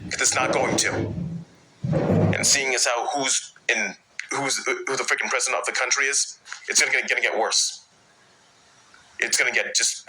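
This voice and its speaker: Bright-voiced man on a frustrated, stumbling rant. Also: mid-range voice, a little hiss or hum, low-quality recording. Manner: frustrated, halting, many restarts. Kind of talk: personal rant.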